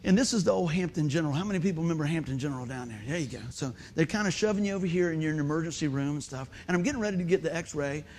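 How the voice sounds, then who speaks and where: A man preaching a sermon as pastor, telling a story with shouted sound effects and questions to the congregation. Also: fairly high pitch, very fast, few pauses, a little hiss or hum.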